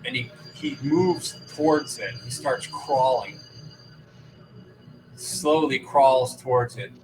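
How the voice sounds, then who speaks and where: A man narrating as game master, describing scenes in an unhurried, descriptive way. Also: medium pitch, poor audio. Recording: music playing behind.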